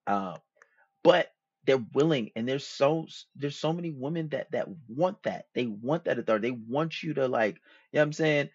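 A man's voice: medium pitch, expressive, moderate pace, breathy edge, dry recording. A man hosting a podcast, talking casually about dating in a slangy, profane, loosely rambling way. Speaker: podcast host. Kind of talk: casual monologue, dating advice. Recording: dull lo-fi dry recording.

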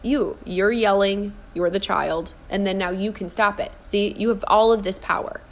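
A woman in her forties talks as a coach in a motivational podcast monologue. She is earnest and emphatic, and she comes back to key phrases to drive them home. Her pitch sits in a middle range for a woman. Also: steady tone, moderate pace. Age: 40s. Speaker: life and fitness coach.

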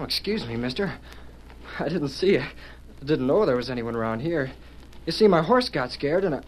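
An actor playing an eager young cowboy rider in a 1940s radio drama, talking excitedly to himself. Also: male voice, mid-range voice, natural voice. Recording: noisy old radio recording.

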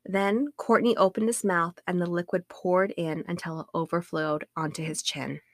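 A woman co-host calmly narrates a passage from a true-crime book. Her voice sits a little low. The recording is close and dry. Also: moderate pace, no echo. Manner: calm, even narration. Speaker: podcast co-host. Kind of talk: reading a true-crime book excerpt aloud.

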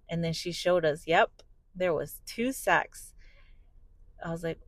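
A woman's voice: low voice, takes it slowly, no echo, poor audio. Candid woman telling her story, dry mic. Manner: candid, swears freely, acts out quoted dialogue. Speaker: podcast host. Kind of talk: personal storytelling.

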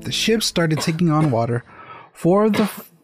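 A man's voice: on the high side, animated, moderate pace, faint music behind. A young man co-hosting a podcast, joking around and laughing often in casual chat. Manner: joking, laughs often, breaks into silly bits. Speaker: podcast co-host.

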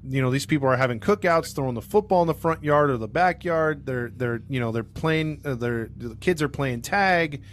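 A man's voice: mid-range voice, moderate pace, hardly any pauses, a little hiss or hum. A man hosting a podcast, casually retelling a true crime case with lots of fillers and restarts, acting out the quotes as he goes. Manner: rambling, with many fillers and restarts; acts out quotes in his retelling. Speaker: podcast host narrating the case.

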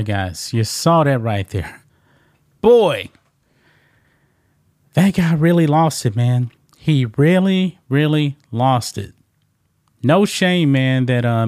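A man's voice: mid-range voice, darkish tone, no room sound, clean studio sound. A man giving casual reaction commentary on a video clip, repeating himself and often saying "man". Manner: casual, repetitive, says "man" a lot.

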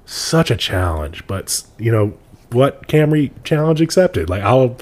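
A man's voice: mid-range voice, very animated, unhurried, darkish tone. A young man hosting a casual podcast, joking and rambling as he teases his girlfriend. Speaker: podcast host.

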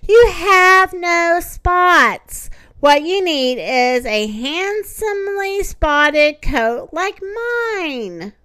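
Storybook figure: a woman voicing a show-off leopard, swooping and slow. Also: extremely high pitch, animated, pushed and bright, pitched above the performer's own voice, heavily acted. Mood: smug. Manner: showy, self-satisfied. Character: vain, boastful male leopard. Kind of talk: storybook read-aloud.

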